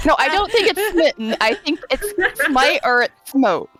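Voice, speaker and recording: A woman's voice: high-pitched, sing-song, a little slow, fairly bright tone, faint music behind. A woman player chatting playfully during a tabletop game. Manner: playful, laughing. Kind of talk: casual tabletop game chat.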